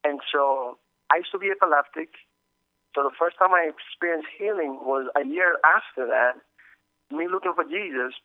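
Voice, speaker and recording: A man from the Dominican Republic, a guest telling his story with many halting restarts over the phone. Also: on the high side, no echo. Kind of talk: casual testimony over the phone. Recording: tinny phone line, dry.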